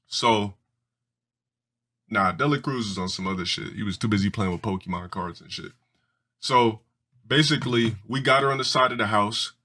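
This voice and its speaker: A man's voice: on the low side, normal speed, pauses often, sharp tone. A man streaming live and telling crude, rambling stories to his viewers, swearing and restarting often. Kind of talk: casual profane storytelling to a live audience.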